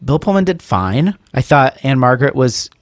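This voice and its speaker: A man's voice: medium pitch, very animated, brisk, no room sound. Podcast guy rambling along, voice swings up and down a lot, super dry sound. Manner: rambling, hedging with fillers, joking. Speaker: podcast co-host. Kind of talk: casual podcast chat.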